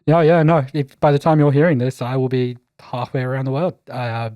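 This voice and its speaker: A man's voice: mid-range voice, little pitch movement, brisk, dry recording, highs cut off. A young man chatting casually as a podcast guest, laid-back and swearing, trailing off.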